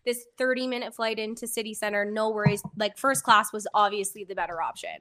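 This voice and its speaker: A young woman hosting a podcast, telling a travel story in casual chat, animated and swearing freely. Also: mid-range voice, brisk. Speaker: podcast host.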